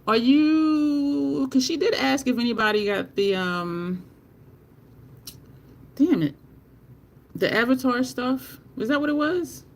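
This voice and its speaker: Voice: mid-range voice, lively intonation, unhurried, pauses often. A beauty live-streamer in casual, chatty talk with viewers while swatching makeup, laughing often.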